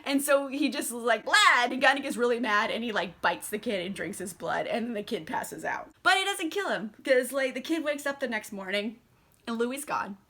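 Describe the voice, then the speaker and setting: A young woman retelling a novel's plot in loose, chatty vlog talk, swearing freely and leaning on fillers. Her voice is bright and forceful. It sits a little higher than most women's. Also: expressive, a little fast. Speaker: book vlogger. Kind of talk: casual book recap.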